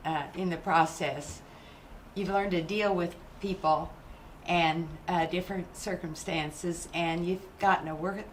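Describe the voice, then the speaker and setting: A woman's voice: lowish voice, slight background noise. An older woman giving a numbered advice speech, rambling and losing count, with many "uh"s.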